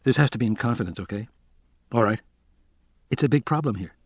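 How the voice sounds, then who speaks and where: A man's voice: medium pitch, lively intonation, fairly quick, no room sound, close to an everyday voice. A man voicing a talkative, placating biologist who explains at length. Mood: confiding.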